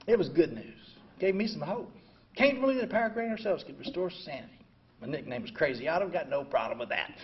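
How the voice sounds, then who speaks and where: An older man in his seventies sharing his story at a recovery meeting. He is blunt and self-mocking, says "you know" constantly, and swings between quiet reflection and loud outbursts. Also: a little high, expressive, fast talker, a little hiss or hum. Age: 70s. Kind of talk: personal recovery talk. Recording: dull lo-fi recording.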